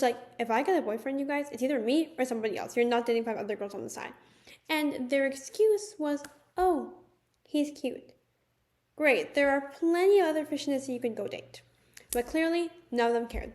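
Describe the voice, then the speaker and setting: A woman's voice: fairly high pitch, darkish tone. A teenage girl telling a personal story straight to her viewers in a chatty vlog, often calling out to them as "you guys.". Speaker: vlogger.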